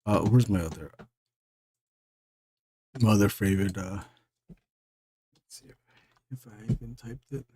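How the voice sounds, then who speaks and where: A man hosts a live stream in an easygoing, rambling way, often trailing off into fillers and breaking into laughter. His voice sits low and mellow. The sound is dry and close. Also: a little slow, pauses often, slightly rough, dry recording. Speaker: live stream host and illustrator. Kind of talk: casual live stream chat.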